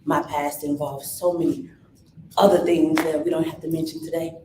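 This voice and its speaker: A woman's voice: sits low, normal speed, background noise. A woman giving an inspirational talk on stage, coaxing the audience to repeat lines after her. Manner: energetic, coaxing the crowd, shifts into playful quoted voices. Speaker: motivational speaker. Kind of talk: live inspirational talk with audience call-and-response. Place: event hall with audience. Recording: echoey room.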